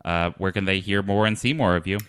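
A man hosting a comedy podcast, interviewing a guest in a halting, awkward way with many restarts. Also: deep voice, a bit bright, clear, resonant tone, no room sound. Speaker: podcast host.

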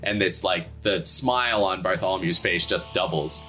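A man's voice: low voice, normal speed, sharp tone, faint music behind. A man acting as dungeon master and host, narrating a tabletop game in a loose, chatty way with jokes and fillers.

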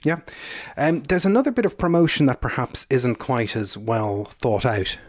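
A man co-hosting a podcast talks in a loose, rambling way, full of "um" and "you know" asides. His voice sits at an ordinary middle pitch. The sound is dry and close, with no room around it. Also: big pitch swings, moderate pace, dry recording. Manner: rambling, frequent fillers and asides. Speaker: podcast co-host. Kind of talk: casual chat.

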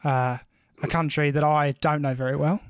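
Joking man, slightly high. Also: steady tone, moderate pace, smooth, no echo. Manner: joking, rambling, swearing. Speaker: podcast host. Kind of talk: casual podcast chat.

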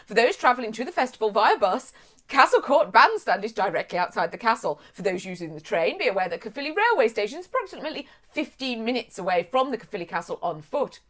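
Lively high-voiced woman co-host. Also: fast. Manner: lively, gushing reactions. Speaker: podcast co-host. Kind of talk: casual chat and reading news aloud.

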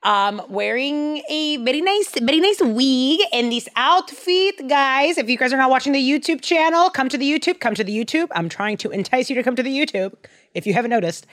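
Young woman podcast host, high voice, goofy and rambly, studio mic. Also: lively intonation, fairly quick, fairly bright tone. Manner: playful, joking, rambling. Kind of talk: casual chat. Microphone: studio microphone.

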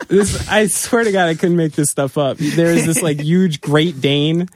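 A man's voice: on the high side, moderate pace, hardly any pauses. A man, a band's drummer, telling tour stories in a loose, casual way with lots of fillers and swearing. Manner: loose, swearing, laughing storyteller with many fillers. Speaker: band drummer, guest. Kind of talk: casual interview storytelling.

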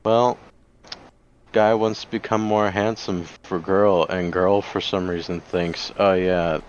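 Very low, slow-talking man on a dull mic. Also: level tone, slight background noise. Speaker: podcast co-host. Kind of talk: casual chat.

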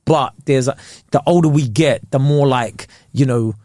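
A man co-hosting a podcast, telling stories in animated, slangy casual chat. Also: medium pitch, moderate pace, dry recording, studio quality. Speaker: podcast co-host.

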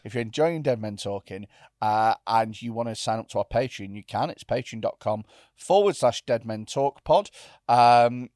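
A man's voice: medium pitch, lively intonation, moderate pace, a little mellow, no echo, clean studio sound. A man co-hosting a podcast, bantering casually, laughing often and swearing. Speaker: podcast co-host. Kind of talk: casual chat.

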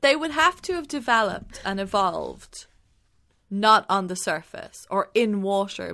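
A woman's voice: medium pitch, lively intonation, a little slow, vocal fry, pushed and bright. A woman co-hosting a casual movie review podcast, rambling with lots of "like" and swearing when annoyed. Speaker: podcast co-host.

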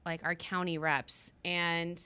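A cheerful middle-aged woman from the American South chatting casually. Her voice is bright and lively, and she tells stories with animation. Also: lowish voice, takes it slowly, clear, resonant tone. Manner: bubbly, animated storyteller. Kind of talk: casual chat.

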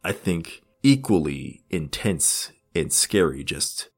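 A man giving an analytical commentary in a measured, thoughtful way, with small restarts as he searches for words. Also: deep voice, big pitch swings. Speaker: video essayist.

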